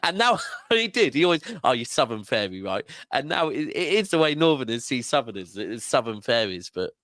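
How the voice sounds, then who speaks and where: A man's voice: on the high side, lively intonation, a little fast, fairly bright tone, no room sound. A man from England co-hosting a football fan show, chatting casually and rambling, often checking in with "yeah?".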